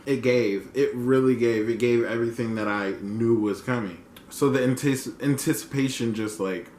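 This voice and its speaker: A man in his twenties reviewing an album in a casual reaction, gushing and full of fillers, swinging between loud and soft. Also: medium pitch. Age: 20s. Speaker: music reviewer. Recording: echoey room with faint noise.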